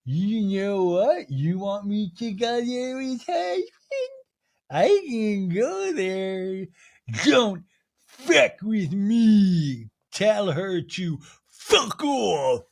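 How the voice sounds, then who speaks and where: A man voicing a dramatic, tearful grown woman who storms off, in a shrill, drawn-out, theatrical manner. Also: big pitch swings, gravelly, darkish tone, exaggerated voice. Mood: furious.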